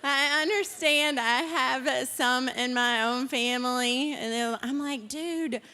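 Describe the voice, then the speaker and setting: A woman's voice: sits high, fairly even intonation, takes it slowly, pushed and bright, slight background noise. A woman hosting a church service, giving the welcome and announcements in a bubbly, casual, enthusiastic way. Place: church auditorium. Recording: long reverb of a large hall.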